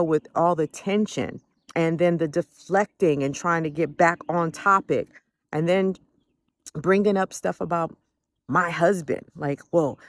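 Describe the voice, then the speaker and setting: A woman's voice: on the low side, dry recording. A woman telling a personal family story, candid and emotional, swearing freely as she gets indignant. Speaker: adult child recounting family conflict.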